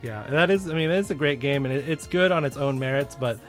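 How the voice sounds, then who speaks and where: A young man with a medium-pitched voice co-hosts a podcast, talking briskly and casually with many fillers and restarts. Faint music plays underneath.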